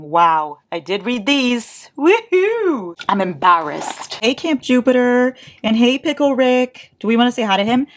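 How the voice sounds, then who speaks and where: A woman's voice: a little high, moderate pace, hardly any pauses, slight background noise. Chatty woman counting books aloud. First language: Portuguese. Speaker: book vlogger. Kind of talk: casual vlog. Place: at home by her bookshelves.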